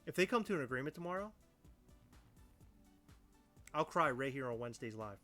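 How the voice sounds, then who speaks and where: Animated, goofy man co-hosting a livestream. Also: mid-range voice, fairly quick, soft background music. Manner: goofy, over-the-top joking. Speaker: podcast co-host. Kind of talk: casual livestream chat.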